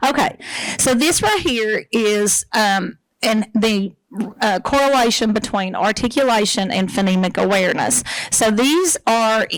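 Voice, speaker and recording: A woman's voice: on the high side, no echo, low-quality recording. A woman presenting a live workshop to teachers, talking casually with many fillers and restarts. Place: training room with an audience. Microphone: microphone.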